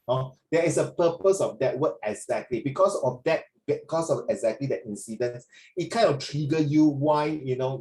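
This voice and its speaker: A man's voice: medium pitch, dark tone. A man with a Singaporean accent, tutoring a class over a video call, chatty and mixing in Mandarin. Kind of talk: online class feedback. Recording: echoey room.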